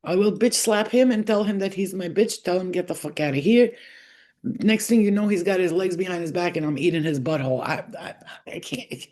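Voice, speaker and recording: A woman giving a casual tarot reading to her viewers, blunt and profane, telling animated stories. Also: on the low side, brisk. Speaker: tarot reader. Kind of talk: casual spiritual talk to viewers.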